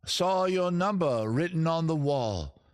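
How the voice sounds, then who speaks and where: A middle-aged man putting on an over-the-top British accent as a pompous poet, reciting in a low, theatrical poetry voice. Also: expressive, measured pace, smooth, dry recording, clean studio sound. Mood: grandly theatrical. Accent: put-on British. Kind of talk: comic dramatic poetry reading.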